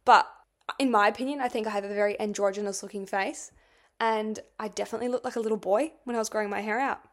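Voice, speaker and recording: Talking fast in a mid-range voice with fairly even intonation, a young female podcast host tells a chatty personal story, cursing often and leaning on "like."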